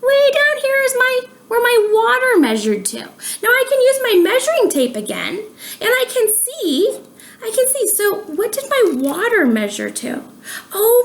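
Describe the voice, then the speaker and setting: A woman's voice: extremely high pitch, fairly bright tone. A woman teaching a preschool science lesson at home, counting aloud and asking questions, stretching her words for small children. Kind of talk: slow, sing-song lesson for young children.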